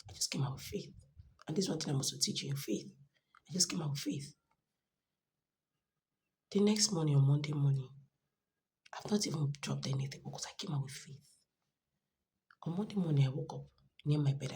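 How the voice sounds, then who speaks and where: Woman, Nigerian accent, deep voice, gravelly, earnest personal testimony, emphatic, soft near-whispers. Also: a little hiss or hum. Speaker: student sharing her story.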